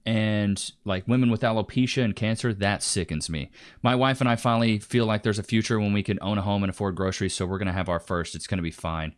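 A man's voice: on the low side, fairly even intonation, fast. A young man hosting a reaction commentary, giving wry, mocking asides on clips and comments. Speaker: commentary host.

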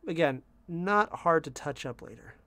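A man with a slightly high voice chats casually while painting miniatures, muttering about small mistakes and laughing at himself. The sound is dry and close, with no room echo. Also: normal speed. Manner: relaxed, self-deprecating, talks to himself while painting. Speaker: miniature painting channel host.

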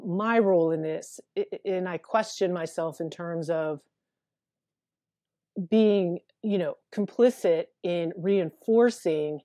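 A woman therapist in a casual interview, talking haltingly and repeating words as she thinks aloud. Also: lowish voice, warm tone, dry recording, studio quality. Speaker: therapist guest.

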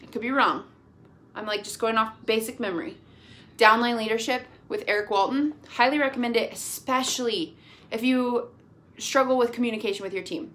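A woman's voice: a little high, brisk, fairly bright tone, a little hiss or hum. A woman giving an upbeat, gushing motivational talk to her team over a video call, full of "like" and "y'all".

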